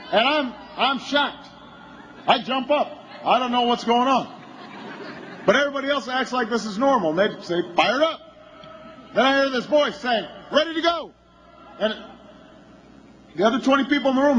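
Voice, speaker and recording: A man with a strikingly high voice tells a long story at a campaign rally. He works slowly toward bursts of shouting, and a faint ambient hum runs underneath. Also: rough recording. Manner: anecdotal storytelling that builds to shouting. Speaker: politician.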